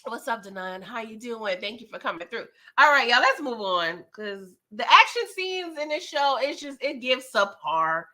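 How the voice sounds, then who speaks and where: A young adult woman hosting a casual live stream, animated and often laughing as she chats with viewers. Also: a little high, moderate pace, hardly any pauses. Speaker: livestream host reviewing a TV episode.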